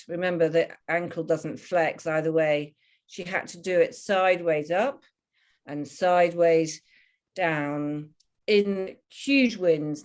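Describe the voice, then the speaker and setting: A woman author and historian, a guest in an interview, retelling a wartime story in an animated narrative way. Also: lowish voice.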